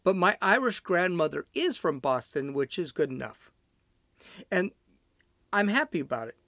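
A man's voice: high voice, big pitch swings, moderate pace, a bit bright, no room sound, studio quality. A man from Chicago hosting his podcast, talking in a blunt, rambling, off-the-cuff monologue. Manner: blunt, ranting and digressive. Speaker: podcast host.

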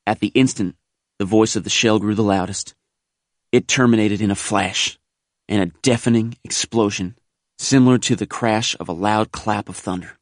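A man reading a first-person war memoir aloud in a measured, grave audiobook narration. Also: on the low side, steady tone, dry recording, studio quality.

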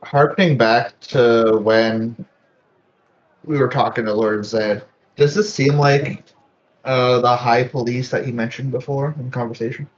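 A man playing a tabletop game, asking the game master loud, inquisitive questions. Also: mid-range voice, steady tone, measured pace, highs cut off. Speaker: player. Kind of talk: casual chat at a game table.

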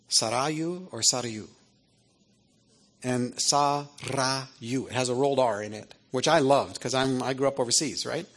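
Husky man telling a story. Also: mid-range voice. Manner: animated, chatty, keeps asking "right?". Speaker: author and speaker. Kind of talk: storytelling talk to an audience.

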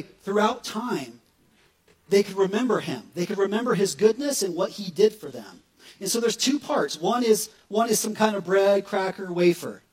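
Male pastor, fairly high and husky voice, conversational sermon delivery with casual asides. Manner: conversational, animated preaching with frequent "right?" asides.

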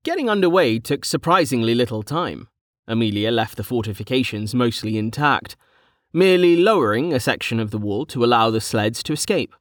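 A man reading a fantasy audiobook in steady, even scripted narration. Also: medium pitch, a little fast, no echo, clean studio sound.

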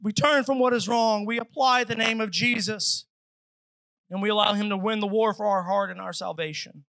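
A man with a very high, bright voice preaches a sermon at a church service. He is earnest and dramatic, slipping into pleading voices, and the sound is dry and close. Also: fairly even intonation, moderate pace, no room sound, poor audio.

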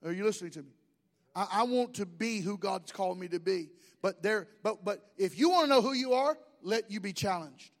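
A man's voice: high-pitched, expressive, fairly quick, long reverb tail. A man preaching a sermon, conversational, joking with the congregation in asides. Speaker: pastor.

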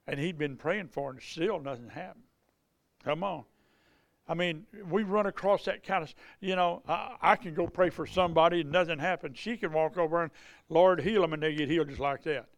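A man's voice: a little high, fairly quick, dry recording. A man telling healing testimonies from the pulpit, folksy and conversational. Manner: folksy, conversational, repeats and restarts. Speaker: revival preacher. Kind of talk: testimony storytelling sermon.

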